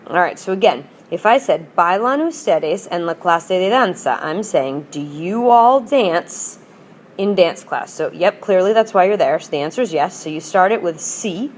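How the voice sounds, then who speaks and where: A woman teacher explains grammar with patient, upbeat energy and models example phrases. Her voice sits a little low. A faint hiss runs under the recording. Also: animated, normal speed, hardly any pauses. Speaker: Spanish teacher. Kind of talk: recorded classroom lesson.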